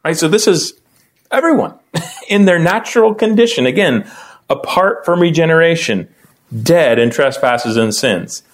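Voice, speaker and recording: A man runs a casual Bible study with easy conversational talk, calling on members of the group by name to read. His voice keeps lifting higher as he warms to an explanation. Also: a little slow. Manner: lively, often rising in pitch when explaining. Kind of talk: casual classroom teaching.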